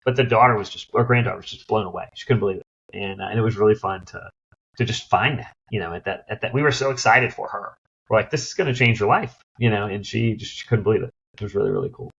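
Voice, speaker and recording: A middle-aged man speaks as an interview guest in a low, gravelly voice with a husky edge. He tells animated stories and acts out the voices of the people in them. The recording sounds slightly dull and lo-fi. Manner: animated storyteller who acts out others' voices. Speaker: guest, downsizing expert. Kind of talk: interview storytelling.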